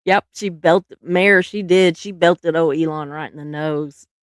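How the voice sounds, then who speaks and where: A woman's voice: sits low, unhurried, no room sound, studio quality. A middle-aged woman, hosting a casual live stream, chatty and laughing often, trailing off mid-sentence.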